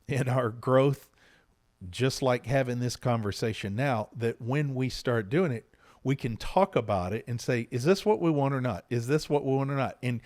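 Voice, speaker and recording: Middle-aged male host, earnest and reflective, medium pitch. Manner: earnest, reflective and openly heartfelt. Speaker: podcast host. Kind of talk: candid conversation with his spouse.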